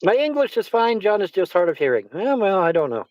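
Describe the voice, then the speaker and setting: A man's voice: sits high, sing-song, brisk, a little mellow, dry recording, lo-fi sound. Casting: man, casual stream guest, rambling and profane, repeats lines, dry close sound. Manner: rambling, repeats himself, swears. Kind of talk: casual chat.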